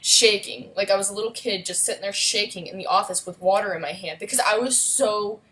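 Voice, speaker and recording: Bright-voiced chatty woman vlogger. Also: medium pitch, fairly quick, poor audio. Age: adult with a young son. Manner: chatty and rambling, many fillers and asides. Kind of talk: casual storytelling vlog.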